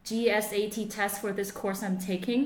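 A woman's voice: mid-range voice, normal speed, reverberant. A young woman whose first language is Mandarin Chinese, chatting casually as a podcast co-host and telling stories with laughs. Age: young adult. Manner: chatty, laughing, animated storytelling. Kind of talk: casual chat.

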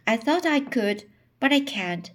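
A woman's voice: sits high, lively intonation, unhurried, pitched above the performer's own voice. A woman reading the lines of an earnest young woman of about twenty, pleading and distraught.

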